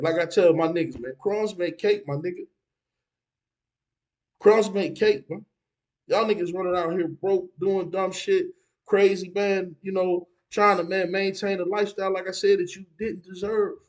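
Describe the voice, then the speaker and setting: A man's voice: high voice, poor audio. A man giving street advice in a casual, preachy monologue, dropping "man" between phrases.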